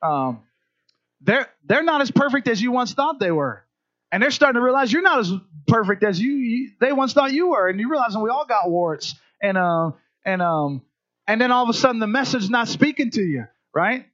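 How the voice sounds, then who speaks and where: A man's voice: very high voice, expressive, normal speed, a bit bright, lo-fi sound. A man preaching a sermon as pastor, talking conversationally to the congregation, often checking in with "right?" and stumbling over restarts.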